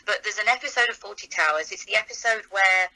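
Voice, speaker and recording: Bright, chatty woman telling stories. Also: mid-range voice, quick pace, poor audio. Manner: animated, chatty storyteller. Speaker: voice actor and presenter, guest. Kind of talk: casual interview chat.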